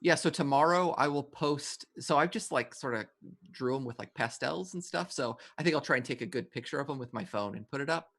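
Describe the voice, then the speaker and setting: A man leading a tabletop game as game master, loose and rambling. His voice sits at a middle pitch with a gravelly fry. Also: brisk, a bit bright. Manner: rambling, many fillers and restarts.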